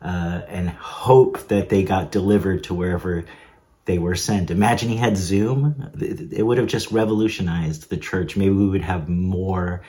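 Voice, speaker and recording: Deep-voiced male preacher, relaxed online sermon, chatty with chuckles, recorded in a bedroom at home. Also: moderate pace. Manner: conversational, chuckling asides, hesitant fillers. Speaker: preacher and seminarian.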